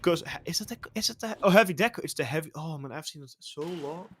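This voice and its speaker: A man casting a competitive video game match, with play-by-play commentary that gets loud and energetic during the action. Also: fairly high pitch, fast, a little hiss or hum. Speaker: esports caster.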